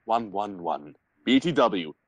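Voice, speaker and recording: A young man reading a bad fan story aloud for laughs, sarcastic and animated, over a voice call. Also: lowish voice, slow, no echo, poor audio. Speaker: reader in a group reading. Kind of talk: mock-dramatic comedic reading aloud.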